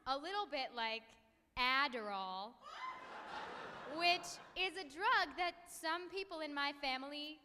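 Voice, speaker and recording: A woman's voice: sits high, expressive, a little slow, long reverb tail, noisy background. A young woman co-emceeing a college concert, rambling hesitantly with many ums in comic banter. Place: concert hall with a live audience.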